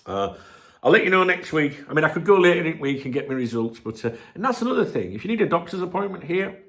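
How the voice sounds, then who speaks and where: A man from the UK hosting a casual morning football vlog at home, chatty and swearing freely, with a chesty cold that has him clearing his throat. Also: fairly high pitch, animated, fast talker, a bit bright. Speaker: football channel host. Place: indoors at home. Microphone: camera on tripod.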